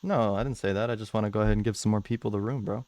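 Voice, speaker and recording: Low gravelly man hosting a stream. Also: fairly even intonation, rapid-fire, a little mellow, no room sound. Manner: laid-back, uses filler words often. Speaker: debate stream host. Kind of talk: casual chat.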